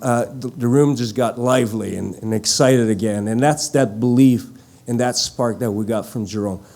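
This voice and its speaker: A middle-aged man gives a live tribute speech as a former teammate, telling a story in halting phrases with many fillers and restarts. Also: medium pitch, mellow.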